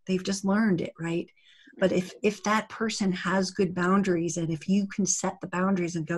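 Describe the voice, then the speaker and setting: Speaking at a summit on recovering from narcissistic abuse, a woman gives an earnest, conversational, interview-style talk about setting boundaries and acts out brief dialogues along the way. Her voice is on the low side, her intonation fairly even, and her speed normal.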